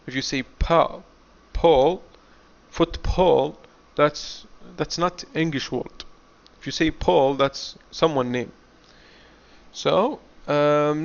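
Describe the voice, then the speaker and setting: A man teaching an English class, drilling words slowly and often asking "what?" before answering his own question. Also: on the high side. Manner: slow, deliberate drilling, asks himself "what?" and answers. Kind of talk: classroom lecture. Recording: dull lo-fi recording.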